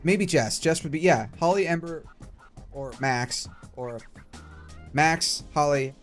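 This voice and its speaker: Young male gaming host, casual ranting commentary, lots of swearing, slightly high pitch. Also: takes it slowly, soft background music. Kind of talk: casual let's play commentary.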